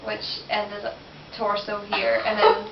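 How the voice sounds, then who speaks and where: A woman's voice: medium pitch, monotone, slow, gravelly. A young woman cosplayer in casual chat, explaining her drawing in a dry, matter-of-fact way. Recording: echoey room, far from mic, dull lo-fi with hiss.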